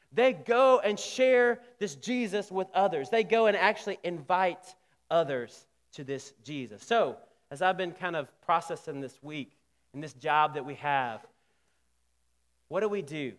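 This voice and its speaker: A man's voice: sits high, in a large hall. A man preaching a sermon in a conversational way, with emphatic rises and frequent restarts. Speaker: pastor.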